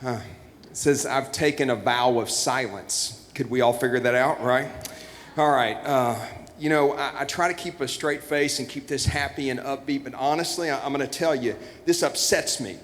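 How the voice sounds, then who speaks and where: A man's voice: mid-range voice, fairly even intonation, normal speed, slight background noise. Man emceeing in a reverberant church hall. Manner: mock-flustered, reading cards aloud. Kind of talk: comedic stage hosting. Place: large church auditorium.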